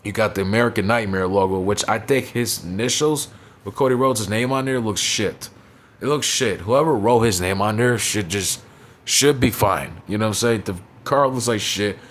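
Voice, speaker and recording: Blunt, profane man with a low voice. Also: moderate pace, fairly bright tone. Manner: blunt, profane, dismissive, leans on "you know what I'm saying". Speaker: wrestling show reviewer. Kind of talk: casual profane recap commentary.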